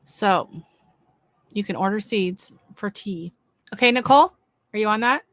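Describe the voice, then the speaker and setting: A middle-aged Canadian woman hosts her own livestream, chatting casually and reading out comments, rambling with fillers and restarts. Her voice sits mid-range, her pace is measured, and there's no room sound.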